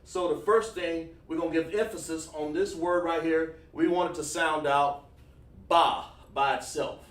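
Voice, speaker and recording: A man's voice: a little high, fairly even intonation, normal speed. Guy teaching a live online lesson, keeps quizzing the chat, sounds far off from the mic. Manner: questioning, coaxing students to answer. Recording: echoey room, far from mic.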